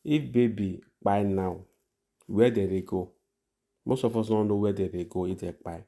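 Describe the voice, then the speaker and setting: A man in Nigerian Pidgin with a low, dark, gravelly voice. He speaks straight to his viewers and asks them to comment. His tone is casual and direct. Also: normal speed. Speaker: video host. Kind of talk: casual introduction.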